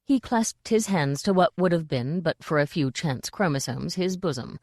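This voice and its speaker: A woman narrates an audiobook from a script in a measured, storytelling style. Her voice is deep and somewhat dark yet animated, captured in a dry, clean studio recording.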